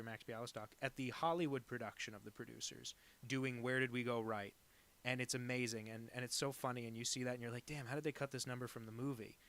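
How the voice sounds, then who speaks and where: A man's voice: mid-range voice, fairly bright tone. A man streaming live as he draws requests, chatting casually and rambling from one aside to the next, often poking fun at himself. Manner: rambling and digressive, with many fillers; self-deprecating. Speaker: cartoonist drawing viewer requests on a live stream.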